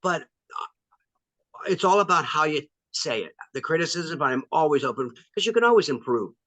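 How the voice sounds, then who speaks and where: A male actor as interview guest, talking candidly and pausing often with ums. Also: fairly high pitch, animated, fairly bright tone, dry recording, rough recording. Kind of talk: casual interview.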